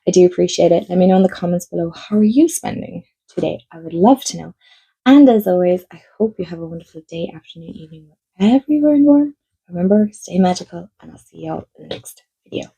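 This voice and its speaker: A woman who reviews oracle decks, chatting to her viewers in a gentle, soothing, chatty way. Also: fairly low pitch, fast talker, gravelly, slightly rough, low-quality recording. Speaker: tarot and oracle deck reviewer. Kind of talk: casual chat to camera.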